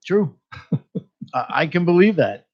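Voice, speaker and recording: A man's voice: a little high, big pitch swings, slow pace, husky. Chatty male radio host, lo-fi. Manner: chatty, laughs often, stumbles over names. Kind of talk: casual radio interview chat. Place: radio studio. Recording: dull lo-fi radio broadcast.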